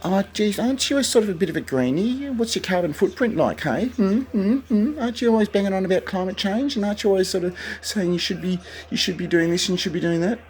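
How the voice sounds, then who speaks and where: A man putting on the high, needling voice of a sarcastic critic who taunts him. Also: animated, fast, few pauses, slight background noise. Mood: mocking.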